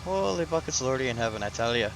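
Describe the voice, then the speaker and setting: A man's voice: mid-range voice, expressive, fast, lightly acted. A man putting on a folksy Irish accent as a jolly exclaiming Irishman. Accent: put-on Irish. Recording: background noise.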